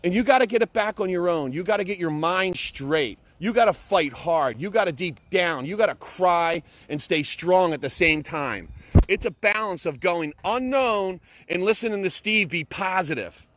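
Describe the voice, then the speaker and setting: A man's voice: high-pitched, animated, normal speed, a bit bright, dry recording. A middle-aged man giving an impassioned, blunt pep talk to camera, emphatic, repetitive and peppered with swearing. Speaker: motivational vlogger.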